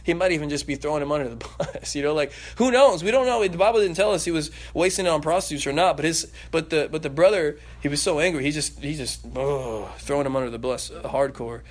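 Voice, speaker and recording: A man preaching a sermon in a lively way, acting out the voices in the story and joking with the congregation. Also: fairly high pitch, quick pace, few pauses. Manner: animated, acts out voices, laughs and jokes.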